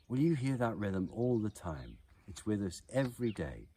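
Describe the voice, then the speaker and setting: Deep-voiced man chanting poetic rhythms. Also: very animated, unhurried, dark tone, slight background noise. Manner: chants rhythms aloud to demonstrate. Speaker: explainer of poetry. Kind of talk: educational voice-over explanation.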